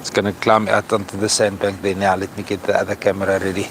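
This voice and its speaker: A South African man vlogging outdoors at an estuary, speaking earnestly and with feeling, slowing down to stress his points. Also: low voice, flat delivery, noisy background. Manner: earnest, impassioned, slow when stressing points. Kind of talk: outdoor vlog commentary.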